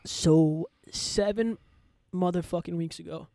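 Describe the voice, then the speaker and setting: A man co-hosting a podcast as its producer, trading quick, profane banter. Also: a little high, gravelly, dark tone, no room sound. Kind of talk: casual chat.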